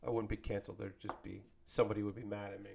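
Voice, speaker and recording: Rapid-fire and gravelly, this man's lowish voice comes with slight background noise. While putting together a model kit on a live stream, he talks casually to chat, rambling and cracking jokes in an animated way.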